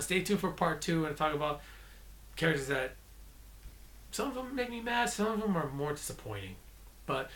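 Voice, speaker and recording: Exasperated man ranting about movies. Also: fairly bright tone. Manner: exasperated, rambling, restarts and self-corrections; mocking quotes in a shrill put-on voice. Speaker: movie vlogger. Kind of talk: casual ranting movie review.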